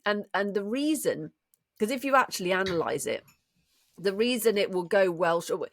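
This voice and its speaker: A woman's voice: mid-range voice, animated, moderate pace. A woman co-hosting a podcast and talking casually about voice acting, with lots of restarts. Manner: chatty, many restarts, explains with enthusiasm. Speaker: podcast co-host and voice actor. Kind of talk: casual chat.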